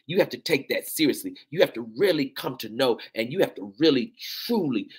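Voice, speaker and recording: A man's voice: medium pitch, lively intonation, moderate pace, husky. A man giving a fervent, preacher-like address to teachers, emotional and near tears at times, repeating phrases and calling out to the listeners.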